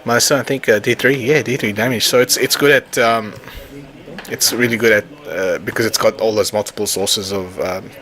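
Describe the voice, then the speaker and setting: A man's voice: lowish voice, fairly even intonation, normal speed, a bit bright. A man casually explaining a tabletop wargame as he plays, often stopping and restarting his phrases. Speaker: tabletop wargame player recording a battle report. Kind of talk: casual explanatory narration over a tabletop game. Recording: chatter from a crowd in the background.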